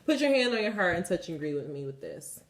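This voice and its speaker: A woman's voice: lowish voice, very animated, fast, roomy sound. A woman tarot reader giving a blunt, emphatic spiritual pep talk and leading affirmations, swearing freely.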